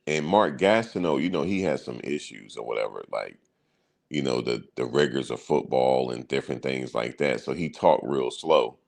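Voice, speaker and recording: Man, extremely deep voice, sports channel host, casual slangy banter, chuckles at his stories. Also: lively intonation, moderate pace, gravelly, a little mellow.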